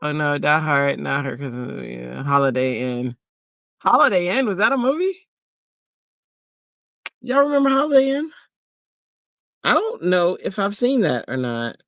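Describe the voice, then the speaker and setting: A woman's voice: deep voice, moderate pace, long pauses, no echo, lo-fi sound. A middle-aged woman hosting a casual craft livestream, chatting with viewers and reading their comments aloud. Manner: chatty and animated, laughing, teasing chat. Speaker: craft channel host.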